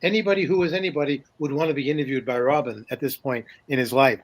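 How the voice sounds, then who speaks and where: A man's voice: mid-range voice, fast. An older man who is a guest in a casual interview, telling rambling stories full of fillers and restarts and chuckling often. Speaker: guest, paranormal journalist.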